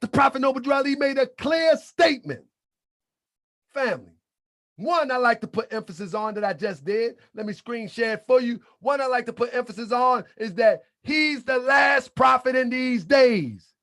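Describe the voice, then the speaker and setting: A man hosting his channel, preaching in a fiery monologue with shouted, repeated lines and colloquial talk, a little under the weather. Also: very high-pitched, moderate pace. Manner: colloquial, drops into muttered asides. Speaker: channel host.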